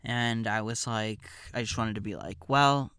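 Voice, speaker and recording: Guy casually telling a funny story on his podcast, wry and rambly, smooth clean voice, dry close sound. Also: on the low side, fairly even intonation, moderate pace, a bit bright, dry recording. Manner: wry, digressive, offhand.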